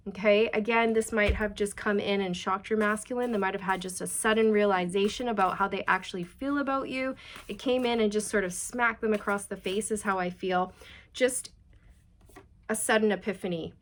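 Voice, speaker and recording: A woman's voice: mid-range voice, moderate pace, a bit bright. A woman giving a chatty, reassuring tarot reading and passing on channeled messages directly to her viewers. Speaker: tarot reader.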